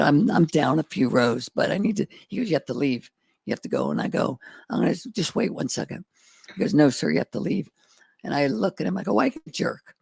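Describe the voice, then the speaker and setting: Gravelly middle-aged man, earnest and folksy. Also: on the high side, a little mellow, no room sound. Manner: earnest, folksy, retells exchanges in quotes. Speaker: guest entrepreneur. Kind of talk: candid storytelling interview.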